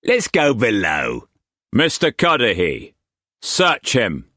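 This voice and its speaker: A man's voice: lowish voice, wildly swooping pitch, slow pace, sharp tone, no echo, studio quality, pitched above the performer's own voice, heavily acted. A man reading an audiobook, voicing a commanding, shrewd merchant captain who gives firm, clipped orders.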